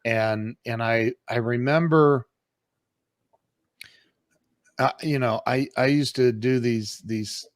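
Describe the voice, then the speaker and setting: A man's voice: mid-range voice, measured pace, no room sound, clean studio sound. Candid man telling his story. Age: 50s. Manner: candid, emphatic, acts out quoted exchanges. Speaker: podcast guest. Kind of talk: casual storytelling in an interview.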